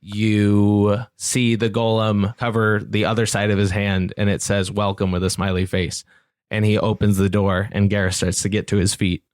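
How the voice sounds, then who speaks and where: A man narrating as game master of a tabletop game, relaxed and easygoing. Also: fairly low pitch, normal speed, no echo, studio quality. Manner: relaxed, laughs between narration.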